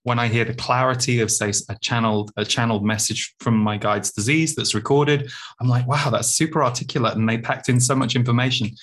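A man's voice: mid-range voice, steady tone, fairly quick, hardly any pauses, a bit bright. Reflective man hosting a podcast. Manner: thoughtful, reflective, with many restarts. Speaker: podcast host. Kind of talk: casual interview chat.

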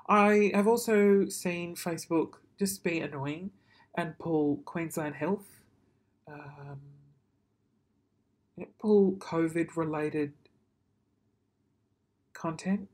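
A man's voice: on the high side, drawn-out words, pauses often. A man ranting casually to camera, swearing freely and then apologising, in a rambling, self-deprecating way. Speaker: vlogger.

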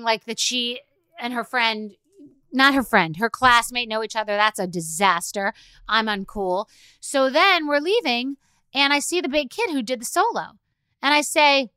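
A woman's voice: fairly high pitch, pushed and bright, no room sound. A middle-aged woman hosting a podcast, telling a rambling, profane, exasperated story full of "like"s. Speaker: podcast host. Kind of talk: solo comedic rant.

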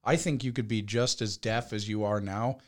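A man's voice: on the low side, fairly even intonation, moderate pace. A man hosting a podcast in casual chat, blunt and profane, with lots of fillers. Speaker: podcast host.

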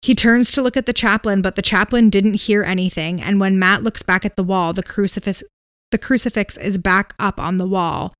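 A woman co-hosting a podcast relaxes into retelling a ghost story, filling it with "um"s, "like"s and hedges. She speaks at medium pitch and a moderate pace, and the recording is dry with clean studio sound.

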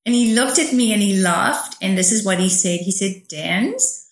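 A woman's voice: mid-range voice, normal speed. Middle-aged woman guest, vivid storyteller, recorded in an echoey room. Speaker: author guest. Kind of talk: storytelling interview answers. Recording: roomy echo.

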